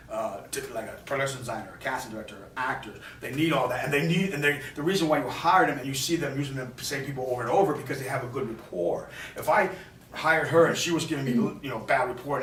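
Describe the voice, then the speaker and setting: Man, film director, rambling storyteller, quick, echoey room, faint background hum. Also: mid-range voice. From New York. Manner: rambling, animated storyteller with many restarts. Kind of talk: casual interview storytelling. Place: film festival. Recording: echoey, distant mic with faint ambience.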